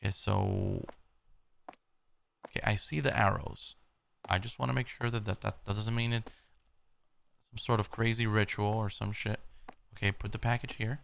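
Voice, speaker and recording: A man's voice: on the low side, level tone, normal speed, vocal fry, pauses often, fairly bright tone, a little hiss or hum. A young man playing a horror game, reacting with nervous jokes, swearing and startled outbursts. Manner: jumpy, swearing, nervous joking. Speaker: gaming YouTuber. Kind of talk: horror game let's play commentary.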